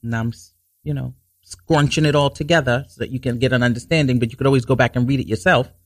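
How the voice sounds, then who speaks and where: A man hosting a Bible teaching talk show, explaining scripture earnestly, restarting sentences to stress his points and reading verses slowly. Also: mid-range voice, fairly even intonation, no echo, studio quality. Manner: reads scripture slowly and deliberately.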